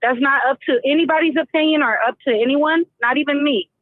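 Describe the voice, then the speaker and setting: A woman's voice: sits high, quick pace, no room sound. A woman calling in to a livestream, talking bluntly and emphatically. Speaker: caller. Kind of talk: casual call-in chat. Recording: phone line.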